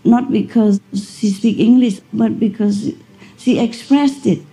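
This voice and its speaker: A woman's voice: on the high side, slow, music in the background. A woman spiritual teacher giving a conversational lecture, telling a story and laughing often. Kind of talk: lecture to an audience.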